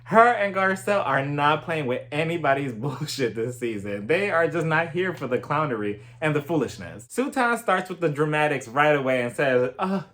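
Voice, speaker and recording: A man's voice: on the high side, very animated, moderate pace, few pauses, a bit bright. A young man giving a sassy, gossipy recap of a reality TV episode in a casual, playful way. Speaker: reality TV reviewer.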